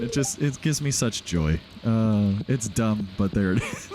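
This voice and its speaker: Relaxed man hosting a game playthrough, low, lively voice, chatty and rambling. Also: measured pace, music in the background. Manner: chatty, rambling, laughs often. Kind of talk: casual gameplay commentary.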